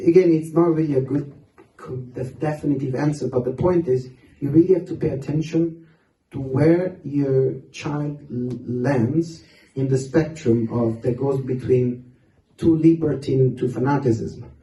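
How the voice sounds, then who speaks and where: A man's voice: medium pitch, measured pace, dark tone. A man telling humorous stories at a youth seminar, often laughing as he speaks. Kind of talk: humorous storytelling talk. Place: large hall. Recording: roomy hall, distant mic.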